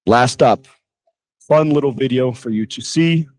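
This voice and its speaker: Lively male teacher, dry sound. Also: mid-range voice, a little slow, dry recording. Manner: lively, demonstrative, exaggerates sounds to model them. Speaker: English teacher. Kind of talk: pronunciation lesson.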